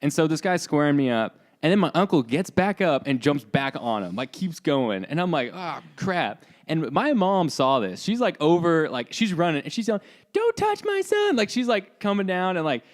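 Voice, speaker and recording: A young man co-hosting a podcast, telling a story in a loose, animated way with lots of fillers and acted-out lines. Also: on the high side, fairly quick, hardly any pauses. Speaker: podcast co-host. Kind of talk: casual storytelling.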